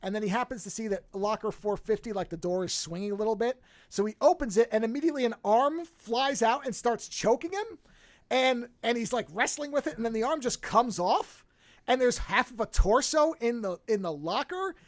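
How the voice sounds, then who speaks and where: Profane, animated podcast host. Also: mid-range voice, brisk, no room sound. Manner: profane, animated storytelling, acts out characters' lines. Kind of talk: casual podcast chat retelling a film.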